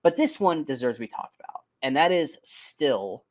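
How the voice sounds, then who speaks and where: A man co-hosting a casual movie review podcast, talking in an animated, emphatic way, swearing freely and tripping over his words. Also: medium pitch, moderate pace. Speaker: podcast co-host.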